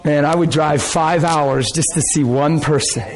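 A man preaching a sermon, telling a testimony story with excitement, laughing often and repeating phrases. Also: on the high side, measured pace.

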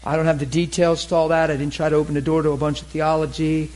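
A man preaching a storytelling sermon, talking conversationally and getting animated, with laughs and shouts at the peaks. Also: a little high, fast, a little hiss or hum, rough recording.

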